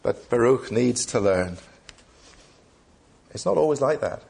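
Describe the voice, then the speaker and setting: A man's voice: mid-range voice, lively intonation, measured pace, creaky, a little mellow. A man preaching a sermon in an earnest way, asking the listeners many rhetorical questions.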